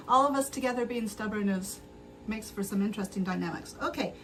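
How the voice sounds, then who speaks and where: A woman's voice: on the high side, a bit bright, recorded from a distance. A woman hosting a casual livestream as she sews, chatting with viewers, answering their comments and drifting off topic as she rambles. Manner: rambling, loses her thread. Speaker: livestream host. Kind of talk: casual livestream chat while sewing.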